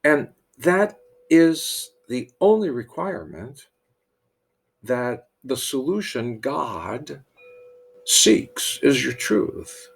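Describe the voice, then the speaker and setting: Creaky, slightly rough and sing-song, this middle-aged priest's medium-pitched voice moves very slowly through a parable. He turns it into a sermon-like lesson, with plenty of restarts and repeated words.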